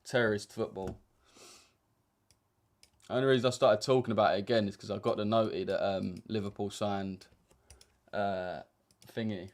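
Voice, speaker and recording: Young guy streaming, kinda low voice, chill slangy banter, lots of "do you know what i mean". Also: fairly even intonation, normal speed, long pauses. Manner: laid-back slangy banter with frequent fillers. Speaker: trading streamer. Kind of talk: casual livestream chat.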